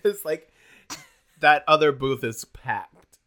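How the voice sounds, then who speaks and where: Low-voiced woman, laughing co-host. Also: slow pace, a bit bright. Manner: laughs a lot, echoes the other host's lines. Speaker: podcast co-host. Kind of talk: casual chat.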